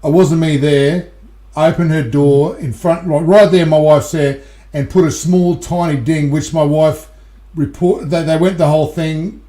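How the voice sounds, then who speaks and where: Casting: Australian male co-host, warm low-key tone, roomy echo, loose and rambling. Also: unhurried. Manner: relaxed, rambling, repeats words. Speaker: regular co-host. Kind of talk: casual podcast chat. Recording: echoey room.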